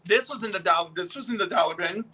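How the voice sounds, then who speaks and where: A man hosting a casual chat about comic books, telling stories in a lively, joking, profane way over a video call. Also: high-pitched, quick pace, husky, rough recording. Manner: animated, profane, joking storyteller. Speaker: host showing comic books.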